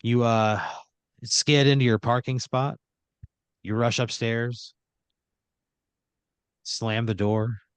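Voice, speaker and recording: A man improvising a comedic story on a podcast, narrating in second person with deadpan, drawn-out phrasing. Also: medium pitch, clear, resonant tone, no room sound. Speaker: podcast host spinning a scenario.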